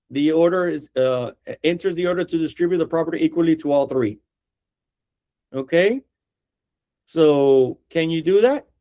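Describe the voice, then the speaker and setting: A man's voice: sits high, darkish tone. A middle-aged man, an attorney, teaching a training class for real estate agents in a direct way, often checking in with the class.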